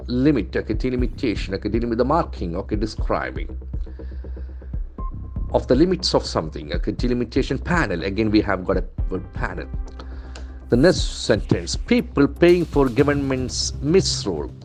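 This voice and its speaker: A man's voice: medium pitch, sing-song, darkish tone, faint music behind. Man drilling English pronunciation. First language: not English. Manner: repeats words slowly, stresses syllables; stock phrases "okay, see", "very interesting". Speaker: English trainer.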